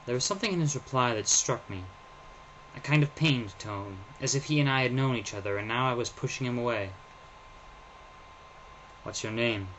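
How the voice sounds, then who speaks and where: A man narrating his own first-person story in a measured, subdued reading. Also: medium pitch, fairly bright tone, a little hiss or hum, poor audio.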